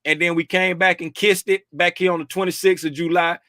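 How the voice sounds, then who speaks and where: A man's voice: high voice, flat delivery, brisk, pushed and bright, no echo, clean studio sound. A middle-aged man hosting a casual livestream about futures markets. He is chatty and slangy, greets viewers by name and laughs often. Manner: easygoing slangy talk.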